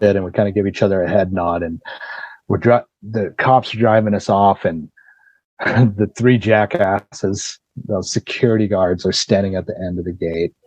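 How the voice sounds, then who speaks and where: A man with a fairly low voice tells a story in a relaxed, conversational way, acting out each person's lines as he goes. The recording is dry and a little dull, like lo-fi podcast audio. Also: no room sound. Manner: lively storyteller acting out quoted dialogue, swears freely. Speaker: podcast guest. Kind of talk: casual storytelling.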